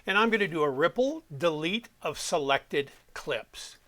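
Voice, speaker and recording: A man giving a step-by-step software walkthrough as an audio production instructor, talking while he clicks. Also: a little high, expressive, unhurried.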